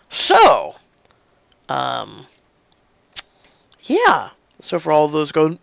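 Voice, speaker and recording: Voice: medium pitch, wildly swooping pitch, drawn-out words, vocal fry, long pauses, a bit bright, no room sound. A YouTube gamer giving casual, rambling and candid commentary between story scenes, with many fillers and restarts.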